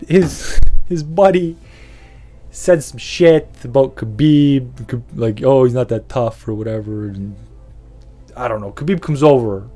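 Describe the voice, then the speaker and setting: A man's voice: medium pitch, warm tone. Profane rambling guy on a podcast, voice jumps all over, faint music in the back. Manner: rambling, profane, laughs often. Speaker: podcast host. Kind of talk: casual commentary rant.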